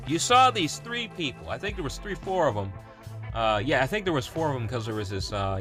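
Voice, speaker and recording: A man's voice: lowish voice, fairly bright tone. A young adult man, a gaming YouTuber, telling a rambling story in a casual vlog with fillers and laughs.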